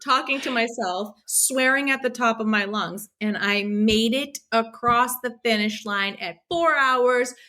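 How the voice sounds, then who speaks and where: A woman in her thirties, a podcast guest telling a story in an animated, emotional way, acting out her own quotes and swearing freely. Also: a little high, measured pace, hardly any pauses. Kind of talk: casual storytelling.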